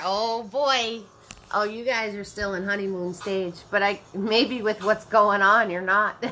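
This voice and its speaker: Slow, bright-voiced woman teaching painting. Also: mid-range voice. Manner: chatty, repeats phrases, greets viewers by name. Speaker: paint party instructor and host. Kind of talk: live-streamed painting lesson with viewer chat.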